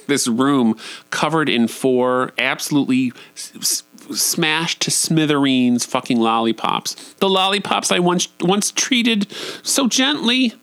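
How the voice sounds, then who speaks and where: A man's voice: medium pitch, a bit bright, clear, resonant tone, no room sound. A man in his forties telling a personal story in a candid, profane, self-deprecating way. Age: 40s. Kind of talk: personal monologue.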